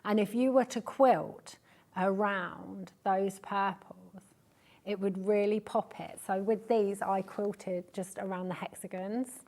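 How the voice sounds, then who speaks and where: A woman walks viewers through a sewing demonstration on a live TV studio show. She explains each step and adds chatty asides as she goes. Her voice sits at an ordinary middle pitch. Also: fairly even intonation, takes it slowly, darkish tone.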